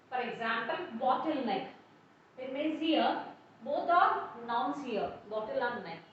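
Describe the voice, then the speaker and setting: A woman's voice: high voice, fairly bright tone, a little hiss or hum. Woman lecturer, Indian English, methodical with examples; muffled, distant, echoey recording. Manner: explains step by step with many examples. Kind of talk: online class lecture.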